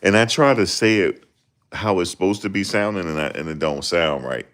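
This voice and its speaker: A man with a very deep voice, giving casual, joking reaction commentary on a livestream. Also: moderate pace, a bit bright. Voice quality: very deep voice that people ask him to repeat. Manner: joking, laid-back, slips into mocking voices.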